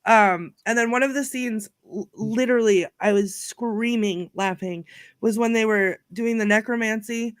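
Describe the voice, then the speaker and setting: A woman co-hosting a casual podcast chat about a film, telling scenes in an animated way and laughing often. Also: on the high side, moderate pace, clean tone, no echo, clean studio sound. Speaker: podcast co-host.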